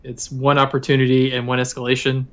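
A man plays a tabletop role-playing game, laying out his character's plans in a calm, casual way. His voice sits at an ordinary middle pitch. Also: fast talker. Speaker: player.

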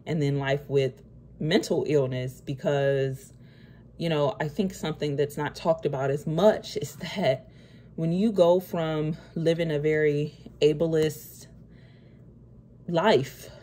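A young woman talking to camera in an emotional personal vlog, nervous and close to tears, halting with many fillers. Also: deep voice, mellow, a little hiss or hum. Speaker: vlogger.

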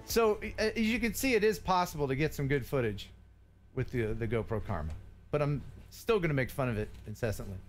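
A man's voice: medium pitch, expressive, fairly quick, faint music behind. A man hosting a casual live stream about drones, joking and teasing his co-host, laughing often. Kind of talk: casual chat.

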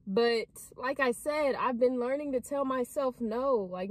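Slow-talking, high-voiced woman vlogger. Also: no room sound. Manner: emphatic, repeats herself, swears casually. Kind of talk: casual self-talk vlog.

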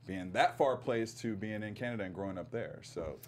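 A man's voice: on the low side, a little fast, a little hiss or hum. A man hosting an interview, teasing his guest in a jovial way and laughing along with her. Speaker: interview host. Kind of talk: casual interview chat.

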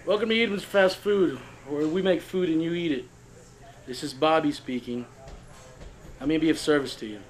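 A man acting in a scripted comedy sketch, talking calmly and then erupting into shouted tantrums at people who are not heard. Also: fairly high pitch, moderate pace. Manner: talks to unseen people on phone and field.

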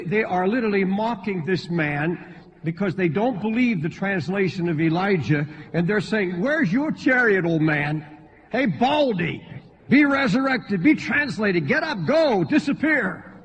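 A man preaches to his congregation in a high, ringing voice. His voice jumps sharply up in pitch and force whenever he voices pleading believers. The recording is dull and lo-fi, with a long reverb from a large sanctuary. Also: a little hiss or hum. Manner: preaching with sudden rises in pitch and volume, voicing pleading congregants. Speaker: pastor. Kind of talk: sermon. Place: church sanctuary.

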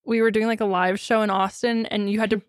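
A young adult woman co-hosting a podcast in casual chat, animated and quick, laughing often. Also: mid-range voice, dry recording, studio quality. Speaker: podcast co-host. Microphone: studio podcast mic.

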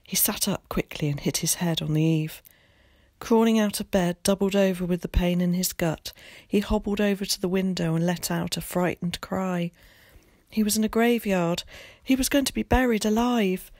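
A woman teacher reading a children's novel aloud in an expressive, measured storytelling voice. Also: medium pitch, no room sound, studio quality. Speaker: primary school teacher.

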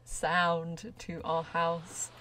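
Giggly woman, slow, low-voiced. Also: completely flat delivery, pushed and bright, a little hiss or hum. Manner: chatty, giggly, often drops to a near whisper. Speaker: let's play host. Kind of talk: casual gameplay commentary.

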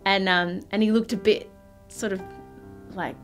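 A woman's voice: medium pitch, steady tone, measured pace, soft background music. A young woman shyly recalling a story in a documentary interview, with lots of fillers and restarts. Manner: hesitant, shy, many fillers and restarts. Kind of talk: documentary recollection.

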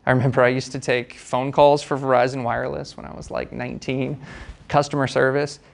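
This young man speaks at a medium pitch with a flat, brisk delivery and some vocal fry. He gives a casual university lecture in a conversational, hedging style, checking in often with tag questions.

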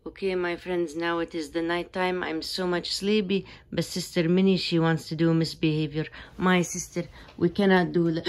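A young woman narrating a comedic day-in-the-life vlog in playful, deliberately broken English. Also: lowish voice, level tone. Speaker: comedy vlogger.

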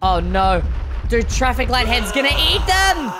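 A woman giving excited, slangy reaction commentary on an animated clip, exclaiming dramatically as events unfold. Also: fairly high pitch, a little slow, heavy background noise. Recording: music playing behind the voice.

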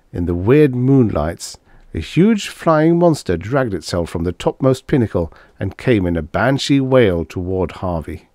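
A man reading vintage science fiction aloud as an audiobook narrator, with expressive, dramatic storytelling. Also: lowish voice, no echo, clean studio sound.

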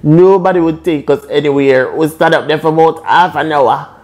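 A young man with a Jamaican accent tells a funny story from his own life in lively patois. He is animated and quick to laugh, acting out every turn of the story. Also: fairly high pitch. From Caribbean. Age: young adult. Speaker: vlogger. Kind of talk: comic storytime.

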